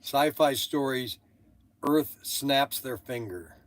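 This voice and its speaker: A man's voice: medium pitch, takes it slowly, a bit bright. An older man hosting a casual chat, rambling and going off on tangents, sounding tired. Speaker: host.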